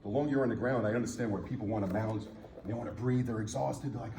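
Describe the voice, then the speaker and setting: A man's voice: lowish voice, fast. A man who coaches jiu-jitsu, explaining police practice in a practical, matter-of-fact way. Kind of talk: instructional chat. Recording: distant mic in an echoey room with clear background noise.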